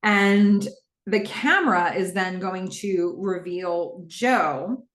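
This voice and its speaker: A woman hosting a podcast, recapping a TV episode in a casual, animated way and quickly acting out the characters' lines. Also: medium pitch, reverberant. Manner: animated retelling with quick quoted voices of characters.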